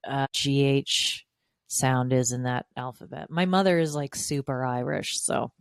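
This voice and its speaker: Woman co-host, low-pitched, outspoken and easy-laughing, dry mic. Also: steady tone, a little slow, creaky, smooth, dry recording. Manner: candid, laughs easily, opinionated. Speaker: podcast co-host. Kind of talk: casual recap chat.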